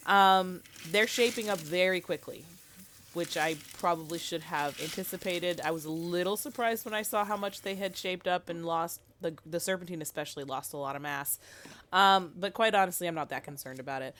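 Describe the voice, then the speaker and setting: A woman's voice: on the low side, moderate pace, a bit bright, slight background noise. A woman vlogging casually about her rock tumbler, thinking aloud with ums and a sick-sounding voice. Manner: chatty, thinking aloud with fillers. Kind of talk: casual how-to vlog.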